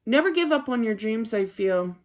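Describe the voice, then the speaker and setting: A woman's voice: on the high side, lively intonation, normal speed. A woman psychic card reader giving a casual spiritual reading to camera from her home office desk, rambling and chatty, with lots of fillers and restarts.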